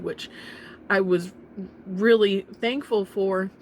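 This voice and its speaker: Young woman, personal vlog; emotional, halting delivery with nervous laughs, middle pitch, slight noise behind. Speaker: vlogger telling her own story.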